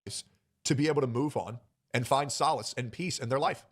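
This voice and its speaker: A man speaking to his stream audience, nervous and emotional, stopping often and filling gaps with ums. His pitch sits in an ordinary male middle range. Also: fairly bright tone. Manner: hesitant, emotional, many pauses and fillers. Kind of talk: personal announcement on stream.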